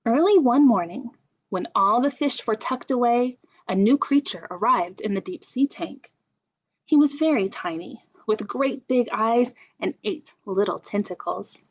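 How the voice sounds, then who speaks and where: A young woman leading a children's story time, asking slow sing-song questions and making playful animal sounds. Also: a little high, lively intonation. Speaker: children's librarian. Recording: dull lo-fi camera audio.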